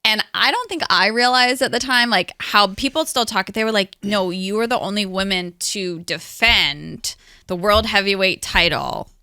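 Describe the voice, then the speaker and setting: Bright, crisp-voiced woman telling stories. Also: medium pitch, moderate pace, dry recording, clean studio sound. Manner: animated, acts out quotes, says "like" often. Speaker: interview guest, former pro wrestler. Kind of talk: casual storytelling.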